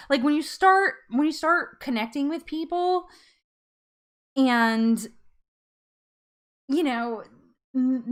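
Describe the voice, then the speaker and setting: A woman's voice: on the high side, a bit bright. A woman hosting a casual live-stream chat with viewers, chatty and rambling, often laughing at herself.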